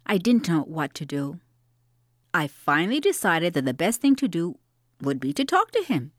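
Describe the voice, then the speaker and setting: A woman's voice: lowish voice, sing-song, normal speed, dry recording, studio quality. A middle-aged woman narrating a dramatic monologue in a reflective, wry manner.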